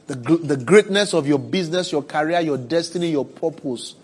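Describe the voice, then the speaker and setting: A man preaching a sermon, asking the congregation for responses and swinging from hushed, drawn-out words to loud cries. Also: a little high, breathy edge. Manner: preaching with call-and-response, swelling to shouts.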